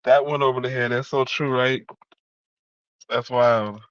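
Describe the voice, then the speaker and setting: A man's voice: medium pitch, fairly even intonation, a little slow. A man doing profane, heated casual commentary while reacting to chat and reading it aloud. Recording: dull lo-fi dry sound.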